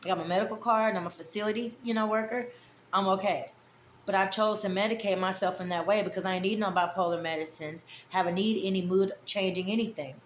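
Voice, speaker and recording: A vlogger in her forties, her mid-range voice steady and quick, talks candidly and affectionately to her viewers in a rambling, heartfelt monologue. The recording is reverberant with slight background noise.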